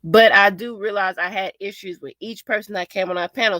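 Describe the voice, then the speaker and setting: Bright-voiced woman venting in heated chat. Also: medium pitch, fairly quick, no echo. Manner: animated, swearing, quotes others in put-on voices. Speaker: co-host. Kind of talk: heated casual commentary.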